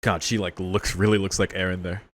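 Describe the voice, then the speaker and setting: A man's voice: sits low, level tone, a little fast, fairly bright tone. A man reacting aloud to a show episode in casual commentary, exclaiming, swearing often and talking back at the characters on screen. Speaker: reaction video creator.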